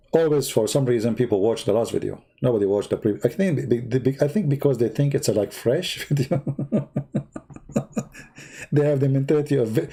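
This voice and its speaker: A man hosting a livestream, telling a story with mocking sarcasm and lively asides. His English grammar is loose and nonstandard. His voice sits at an ordinary pitch with a warm, mellow tone. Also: slightly rough. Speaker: livestream host. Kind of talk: mocking religious commentary, casual.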